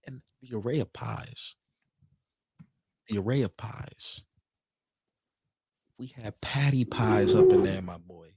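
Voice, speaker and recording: A man co-hosting a podcast, telling a food story in a lively, casual way with plenty of swearing. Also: fairly low pitch, slow pace, creaky, long pauses, slight background noise. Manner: animated storyteller, swears freely. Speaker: podcast co-host. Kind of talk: casual chat.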